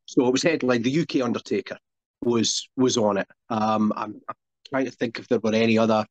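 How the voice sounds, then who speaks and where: A man's voice: mid-range voice, steady tone, fairly quick, no echo. A Scottish man in his forties, a wrestler guest telling long anecdotes on a podcast. He talks loosely and restarts his sentences often. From Scotland. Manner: rambling anecdotal storyteller with many restarts. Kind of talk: casual podcast interview storytelling. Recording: dull dry lo-fi audio.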